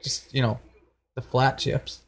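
A man's voice: mid-range voice, flat delivery, measured pace, slightly rough. A man on a casual podcast, reacting with incredulous follow-up questions and lots of fillers. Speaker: podcast co-host. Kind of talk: casual chat.

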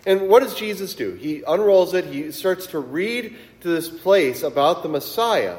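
A man's voice: high-pitched, animated, unhurried, a little mellow, big-room sound. A man preaching a sermon as pastor, in a conversational storytelling way that builds to emphatic peaks. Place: church sanctuary.

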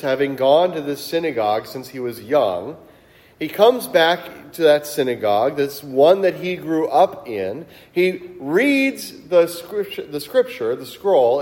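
A man's voice: fairly high pitch, a little mellow, big-room sound. A man preaching a sermon as pastor, in a conversational storytelling way that builds to emphatic peaks. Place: church sanctuary.

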